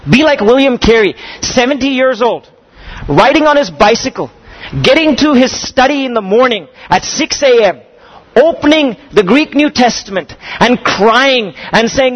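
A man preaching a sermon to a congregation, speaking emphatically, slowing down on key phrases and putting questions to his listeners. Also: very high-pitched, lively intonation, fairly bright tone, highs cut off.

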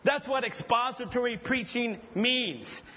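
A man's voice: very high voice, measured pace. A man preaching a sermon from a pulpit to students of preaching, with emphatic, repetitive, heralding phrasing. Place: church hall, at a pulpit. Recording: reverberant hall, dull lo-fi sound.

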